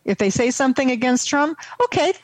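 A woman's voice: high-pitched, lively intonation, a little fast, no echo. A woman co-hosting a casual political chat, reading listener comments aloud with wry asides. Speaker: co-host.

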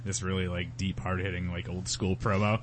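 A man's voice: low-pitched, little pitch movement, a little fast, a little hiss or hum. A man in casual chat among friends, joking and cursing freely. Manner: joking, profane banter.

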